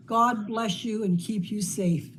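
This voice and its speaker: A woman's voice: mid-range voice, slow pace, fairly bright tone, a little hiss or hum. An older woman recording a tender, affectionate message of congratulations and blessing. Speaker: relative in a recorded video message.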